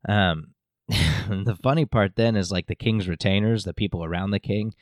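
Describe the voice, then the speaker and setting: A man with a low, deep voice chats his way through a loose, filler-heavy recap, jokey and meandering. The sound is dry and close to the mic, with no room echo. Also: moderate pace. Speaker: podcast host. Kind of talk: casual episode recap.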